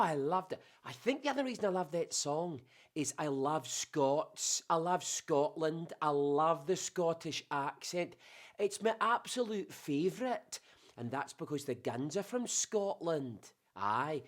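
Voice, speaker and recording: Animated, slow-talking New man. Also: fairly high pitch. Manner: playful, animated, rambling. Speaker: host. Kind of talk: casual chatty monologue.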